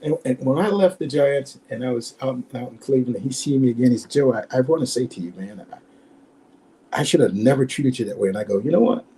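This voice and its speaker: A man's voice: mid-range voice, fairly quick, mellow, a little hiss or hum. A man in his sixties, a former pro running back, telling stories as a podcast guest in an emphatic way, repeating words and acting out the exchanges he quotes. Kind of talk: podcast interview storytelling.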